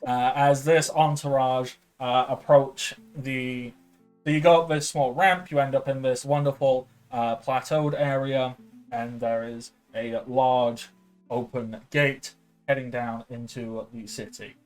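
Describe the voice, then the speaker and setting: A man narrating a tabletop game as game master, relaxed and full of fillers. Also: mid-range voice, measured pace, soft background music.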